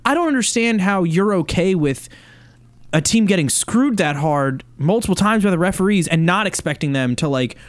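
A man's voice: high voice, lively intonation, normal speed, dry recording. A man chatting on a sports podcast, heated and rambling, full of fillers and restarts. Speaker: Liverpool fan podcast co-host. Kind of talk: casual chat.

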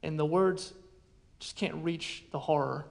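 A man preaching a sermon as a pastor, telling a personal story in an earnest way and often dropping to a hushed voice. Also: fairly high pitch, a little slow, vocal fry.

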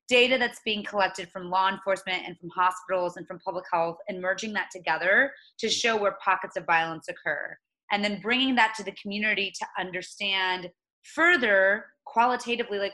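A woman in her late twenties speaking as an interview guest, earnest and reflective, often pausing and restarting. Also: mid-range voice, sharp tone, low-quality recording. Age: 20s. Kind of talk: conversational interview.

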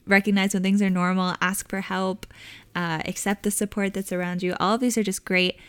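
Woman host, thirties, conversational and chatty; smooth, dry studio sound. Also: medium pitch, flat delivery, fairly quick, no room sound. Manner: warm conversational with frequent fillers and laughs. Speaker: podcast host. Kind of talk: casual advice talk.

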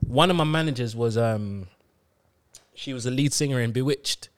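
A man, a podcast co-host telling stories in casual chat, slangy, often dropping his voice low. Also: moderate pace, smooth.

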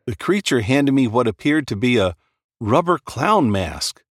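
A man narrating a first-person horror story in a dramatic, expressive read. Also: medium pitch, unhurried, no echo, clean studio sound.

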